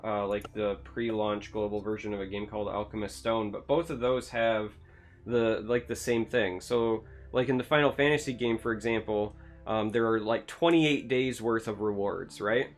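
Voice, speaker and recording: A man's voice: fairly low pitch, steady tone, normal speed. A man hosting a casual gaming podcast, enthusiastic and rambling, with lots of "like" and "um". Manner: enthusiastic, rambling, many fillers like "like" and "um". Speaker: podcast host.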